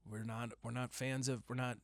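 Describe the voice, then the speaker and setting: A young man hosting a solo podcast, telling rambling jokey stories and breaking into sudden loud yelps. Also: medium pitch, little pitch movement, moderate pace, dry recording, studio quality. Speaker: podcast host. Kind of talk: casual solo podcast rant.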